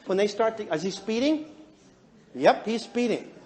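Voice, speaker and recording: High-voiced man joking through a lecture. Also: normal speed. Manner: animated, joking, asks the audience questions. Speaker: counselor teaching a class. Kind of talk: humorous lecture to a live class.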